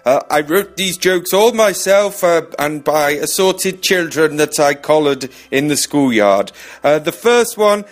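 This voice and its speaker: A man doing a slow, booming old joke-teller. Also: lively intonation. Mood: jokey. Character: bellowing elderly male celebrity telling kids' jokes.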